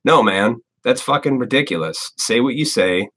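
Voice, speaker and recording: A man's voice: medium pitch, lively intonation, normal speed, fairly bright tone, breathy edge. A man of thirty-four hosting a live stream, talking casually in a blunt, profane, rambling way. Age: 30s. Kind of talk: casual ranting monologue.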